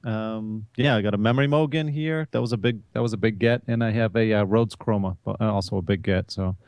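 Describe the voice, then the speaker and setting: A man's voice: on the low side, brisk, darkish tone, smooth, no room sound. Easygoing man in casual chat. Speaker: returning podcast guest.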